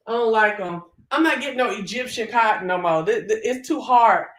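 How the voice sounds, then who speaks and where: Live-stream host, casual chat, animated, swears freely, phone mic. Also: medium pitch, a little fast. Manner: animated, chatty, swears freely, acts out reactions.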